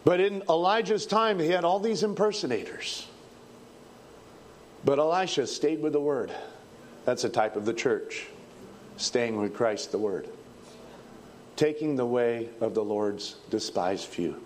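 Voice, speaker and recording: A man preaching a revival sermon in a folksy, fervent manner, rising to shouts, on an old archival recording. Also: mid-range voice, unhurried, pauses often, a little hiss or hum.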